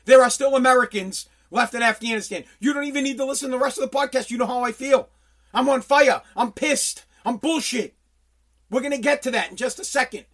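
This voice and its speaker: A man's voice: very high-pitched, fast talker, a bit bright. A man hosting a solo podcast, ranting in an angry, profane way with lots of stumbling restarts. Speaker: podcast host.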